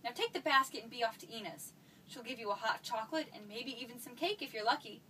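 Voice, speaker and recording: Playing a mother who nervously sidesteps her teenage daughter's questions, this actress has a slightly high, bright, forceful voice and talks fast. Her flustered stage performance comes across as evasive, worried and imploring, captured from afar with a little background noise.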